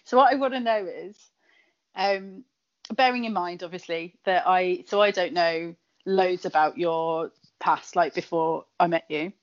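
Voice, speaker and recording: A woman's voice: lowish voice, unhurried. A woman with a Kent accent chatting casually, giggling often and talking in loose, restarting sentences. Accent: Kent English. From Kent, England. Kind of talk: casual chat. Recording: slightly dull lo-fi audio.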